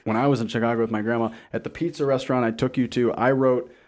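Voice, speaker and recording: A man's voice: medium pitch, quick pace. A young man co-hosting a podcast in casual chat, telling stories with lots of energy and laughing through them, on a podcast microphone. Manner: animated storyteller who laughs through his stories. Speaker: podcast co-host.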